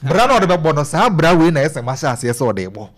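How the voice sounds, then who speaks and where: A man hosts a lively chat show. His voice sits fairly high for a man and swings widely in pitch. He talks with emphatic drive. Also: quick pace. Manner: animated, emphatic, directs the producer. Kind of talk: casual radio-style chat.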